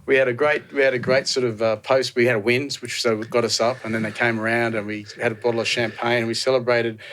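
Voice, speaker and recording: A quick-speaking man in his forties from Australia, chatting as a podcast guest. He tells long, loose stories and slips into the voices of the people he quotes. The pitch sits in a middling male range. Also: little pitch movement, a bit bright, a little hiss or hum. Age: 40s. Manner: rambling anecdotes, acts out quoted voices, laughs often. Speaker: podcast guest, former rugby player. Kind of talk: casual storytelling chat.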